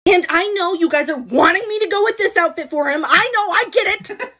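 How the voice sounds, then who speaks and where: A woman's voice: very high voice, animated, a little fast, bright, forceful tone. A woman hosting a casual drawing video, chatting in a playful, giggly, self-mocking way. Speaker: artist and video host.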